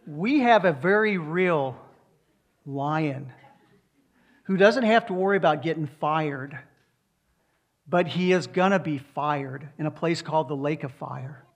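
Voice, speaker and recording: A man's voice: fairly high pitch, a little slow, long pauses. A male pastor preaching a sermon and leading a prayer. He speaks emphatically and repeats rhetorical questions to his congregation.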